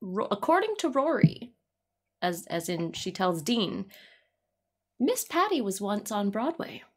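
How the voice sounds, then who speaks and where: Sex: woman. Role: podcast co-host. Style: casual chat. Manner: thoughtful, giggly. Pitch: middle. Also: very animated, unhurried, slightly rough.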